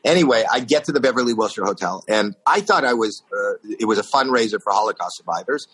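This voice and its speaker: A middle-aged man telling a long comic story on a talk show, acting out the voices with high squeaks. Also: lively intonation, fast talker, a bit bright, breathy edge, rough recording. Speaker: stand-up comedian guest telling a story.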